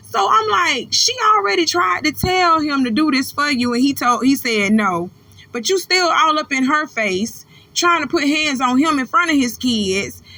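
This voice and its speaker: A woman with a high, ringing voice rants in a casual reaction commentary. She talks straight to her viewers, blunt and fired up, swearing freely and repeating herself for emphasis. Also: sharp tone, no room sound. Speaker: host reacting to a viral clip.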